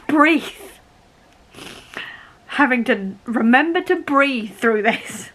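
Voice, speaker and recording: A woman's voice: on the high side, lively intonation, slow, a bit bright. A young woman talking in a casual reading vlog, emotional and laughing through tears as she reacts to a book. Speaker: book vlogger.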